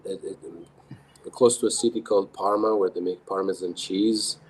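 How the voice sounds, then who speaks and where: A man with an Italian accent, a native Italian speaker and guest on a casual show, talking hesitantly and often pausing with fillers while he searches for words. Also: low-pitched, steady tone, darkish tone, breathy edge, poor audio. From Emilia, Italy. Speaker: guest brewery owner. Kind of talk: casual chat.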